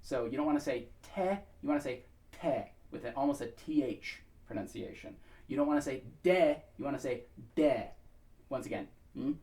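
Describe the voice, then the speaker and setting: An American man giving a relaxed spoken pronunciation tutorial. He talks thoughtfully, with many pauses and fillers, and now and then sings short syllables to demonstrate. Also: mid-range voice, distant mic. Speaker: pronunciation instructor.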